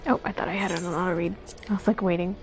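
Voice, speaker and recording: A woman streamer chatting casually through her gameplay, reacting in a bubbly, expressive way. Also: fairly low pitch, rapid-fire, soft background music, poor audio.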